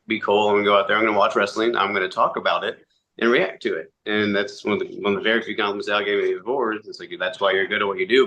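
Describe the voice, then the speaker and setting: A man, a commentator and comedian, telling stories fast in a casual interview, with quick voiced asides. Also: fairly low pitch, pushed and bright. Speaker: wrestling commentator and comedian guest.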